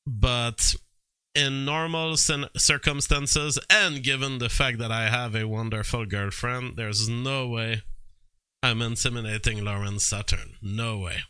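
Guy doing slow rambly commentary, lots of ums, bright crisp voice, dry close mic. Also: medium pitch, fairly even intonation, dry recording. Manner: slow, halting delivery with fillers, bursts of disbelief. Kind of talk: casual commentary reading from screen.

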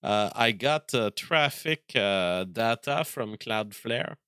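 A man with a French accent hosting a live stream, reading viewer messages and thinking aloud in a halting, stop-start way. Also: on the low side, animated, fairly bright tone, clear, resonant tone, no room sound, studio quality. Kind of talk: casual live-stream chat.

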